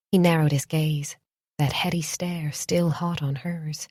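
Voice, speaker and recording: A woman narrates a romance audiobook in a soft, intimate, measured way. Her voice sits very low and sounds husky. The recording is close and dry. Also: steady tone, no echo.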